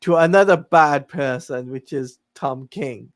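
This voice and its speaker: A man's voice: fairly high pitch, a little slow. A man co-hosting a podcast, talking in casual chat, tired and yawning late at night. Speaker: podcast co-host.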